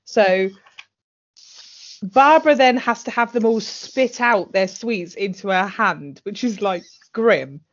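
On a casual chat podcast recapping a TV drama, a female co-host speaks slowly at medium pitch. She's blunt and sweary, laughs often, and acts out quotes, all in dull lo-fi audio.

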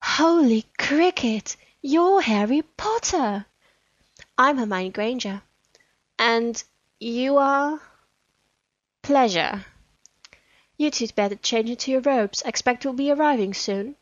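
A woman voicing a bossy, know-it-all schoolgirl witch in a prim, brisk way, recorded as a voicemail. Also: a little high, lively intonation, dry recording, highs cut off.

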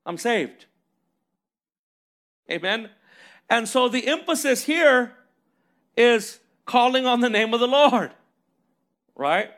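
A man's voice: very high-pitched, lively intonation, slow, long pauses, a bit bright. A man preaching a sermon, reading scripture and asking rhetorical questions punctuated with "amen" and "right?".

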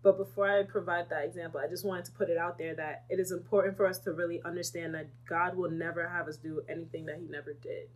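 A woman's voice: lowish voice, quick pace, few pauses, husky. A young woman leading a casual Bible study, explaining scripture and acting out quotes with laughter. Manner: animated, acts out quotes with laughter.

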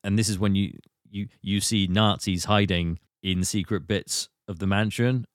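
Man, British, podcast host, lowish voice, dry close sound, animated film recap. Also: no echo. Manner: animated retelling, slipping into quick impressions. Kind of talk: casual film discussion.

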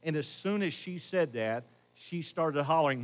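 Middle-aged male pastor, slightly high voice, conversational sermon, swings from loud to hushed. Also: lively intonation, moderate pace, low-quality recording. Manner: conversational preaching, shifts between loud emphasis and hushed asides.

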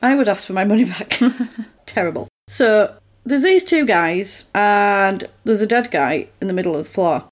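A woman chatting casually as she recaps a film, jumping into quick voices for the characters. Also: mid-range voice, lively intonation.

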